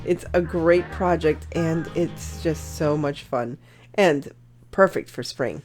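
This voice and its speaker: A cheerful woman narrates a crafting tutorial at her table in a slightly low voice. She talks in a chatty, gushing way and trails into small fillers. Soft music plays faintly behind her. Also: takes it slowly. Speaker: crafting channel host.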